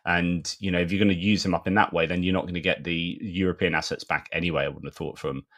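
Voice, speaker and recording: A middle-aged man hosting a live-stream news commentary in a chatty, rambling way, with many pauses and restarts. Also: low voice, steady tone, a bit bright.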